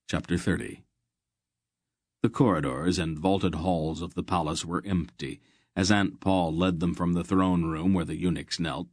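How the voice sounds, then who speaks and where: A man reading a fantasy audiobook in a measured, steady narration. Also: low-pitched, dry recording, clean studio sound.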